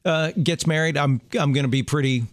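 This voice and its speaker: A man's voice: a little high, brisk, no room sound, studio quality. A middle-aged man co-hosting a show, joking in laid-back banter. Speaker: radio show co-host. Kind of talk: casual chat.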